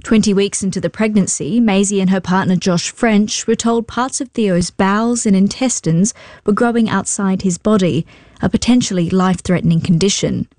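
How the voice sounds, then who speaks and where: A woman presenting a news podcast, reading scripted links in a clear, measured way. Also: mid-range voice, a little mellow, dry recording, clean studio sound.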